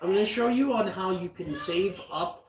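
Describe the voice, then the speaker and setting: A man's voice: high-pitched, moderate pace. A South African man casually talking viewers through a cooking livestream from his home kitchen, chatty and joking. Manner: chatty, jokey, talks viewers through steps. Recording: echoey kitchen with background noise.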